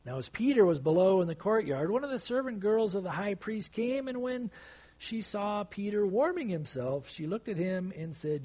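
A man's voice: sits high, expressive, moderate pace, a little mellow. A male pastor preaching an expository sermon, conversational and emphatic, with sudden surges of intensity.

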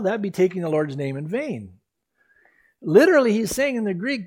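A man's voice: high voice, very animated, moderate pace, darkish tone. Earnest man preaching a sermon. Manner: earnest, exhorting, emphatic preaching. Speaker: pastor.

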